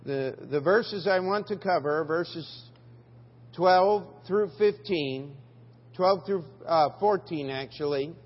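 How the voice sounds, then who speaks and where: A man's voice: on the high side, slow, husky. A man preaching a sermon in a church, asking the congregation questions and reading scripture aloud in old-fashioned wording. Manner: reads scripture aloud in King James wording. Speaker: pastor. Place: church sanctuary. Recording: dull church recording with long reverb.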